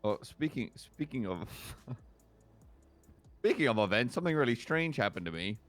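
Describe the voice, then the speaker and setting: A man's voice: mid-range voice, big pitch swings, normal speed, a bit bright, soft background music. A man in character as a police officer, telling a story in casual, profane roleplay chat. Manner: casual, swears a lot, storytelling.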